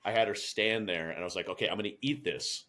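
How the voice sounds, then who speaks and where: Deep-voiced man telling a story. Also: fast. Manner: animated storyteller, laughs through his anecdotes. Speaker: podcast co-host. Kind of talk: casual chat.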